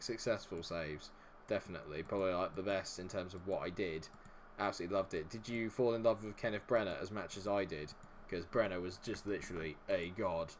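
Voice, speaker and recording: A man talks through a live game stream in a fairly low voice, cursing and groaning at every missed chance. Between matches he chats easily with his viewers. A faint background hiss sits under the voice. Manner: exasperated, swears freely at the game. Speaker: gaming streamer. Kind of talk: live gameplay commentary.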